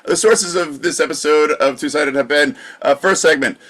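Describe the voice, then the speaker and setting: A man co-hosting a podcast, calmly wrapping up segments and reading out sources. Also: fairly high pitch, moderate pace. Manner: dry, wraps up segments. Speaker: podcast co-host. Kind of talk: casual podcast banter.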